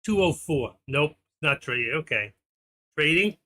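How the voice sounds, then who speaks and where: Bright-voiced man hosting a trading stream. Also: fairly high pitch, animated, a little slow, slight background noise. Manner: chatty, talks to chat viewers by name. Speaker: stock trading livestream host. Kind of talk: casual live-stream chat while trading.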